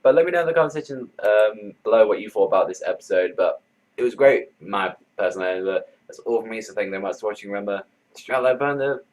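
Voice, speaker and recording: A man's voice: on the low side, animated, fast talker, a little mellow, rough recording. Rambling, swearing young-sounding male reviewer. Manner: rambling with many fillers, swears freely. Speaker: anime reviewer. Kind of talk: casual video review.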